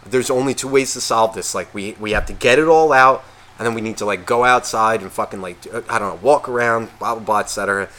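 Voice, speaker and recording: A man's voice: on the low side, fast talker. A man co-hosting a podcast, telling a rambling story in casual chat and swearing constantly. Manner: heavy swearing, rambling and animated. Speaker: podcast co-host.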